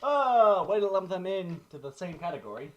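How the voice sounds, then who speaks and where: Rambling animated podcast guy. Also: sits high, normal speed, dull audio, slight background noise. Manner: rambling, animated storytelling with many restarts. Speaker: podcast co-host. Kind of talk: casual chat.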